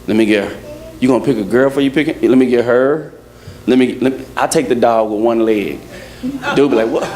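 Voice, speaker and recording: A man preaching a lively sermon to his congregation, joking and acting out little scenes as he goes. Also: medium pitch, brisk. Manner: playful, acts out quotes, laughs with congregation. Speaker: pastor. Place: church service.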